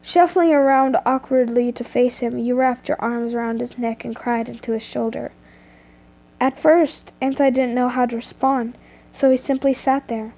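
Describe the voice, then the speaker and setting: A woman's voice: a little high, fairly even intonation, normal speed, mellow. A woman reading a fan story aloud, often stumbling and correcting herself. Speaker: reader of fan fiction.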